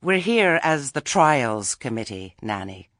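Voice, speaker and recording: A man's voice: a little high, very animated, fairly quick, fairly bright tone, dry recording, studio quality, voice pushed up. A man voicing a polite, formal older woman witch speaking for a committee. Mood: official. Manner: polite, official.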